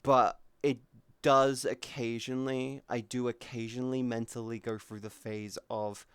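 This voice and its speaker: A man streams live and chats frankly with his viewers, swearing now and then as he answers them. His voice is smooth and resonant, sitting in an everyday middle register, and it sounds close and dry with no room around it. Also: medium pitch, level tone, measured pace, dry recording. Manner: candid and open, swears freely, answers chat.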